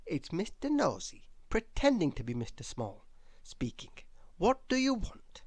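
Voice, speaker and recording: A woman's voice: on the low side, sing-song, unhurried, darkish tone, husky, no room sound, full character voice. A woman reading aloud as a good-humoured male storybook character, teasing and amused as he keeps a secret.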